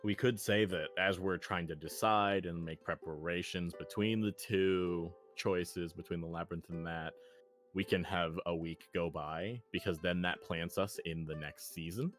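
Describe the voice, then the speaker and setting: A man's voice: low voice, fairly even intonation, a little slow, a bit bright, soft background music. A man running a tabletop role-playing game, talking through plans in a laid-back, rambling way. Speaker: game master. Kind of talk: casual tabletop game planning chat.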